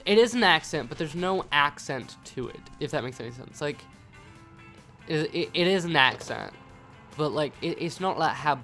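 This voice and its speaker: Young american guy rambling over a game, bright edgy voice, trips over his words a lot, music faint behind. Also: on the high side, expressive, normal speed. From United States. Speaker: gaming YouTuber. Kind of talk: casual let's-play commentary.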